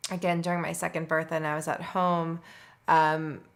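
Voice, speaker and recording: A woman's voice: deep voice, normal speed. A woman candidly telling her own birth experiences in a casual chat. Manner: candid, animated when quoting others. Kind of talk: casual personal storytelling.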